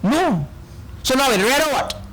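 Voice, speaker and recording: A man with a Trinidadian accent giving a spiritual discourse to a live audience, animated and often quizzing his listeners. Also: extremely high pitch, a little slow, slight background noise, rough recording. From Trinidad and Tobago. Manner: animated, questioning listeners, playful asides. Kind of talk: lively lecture on scripture.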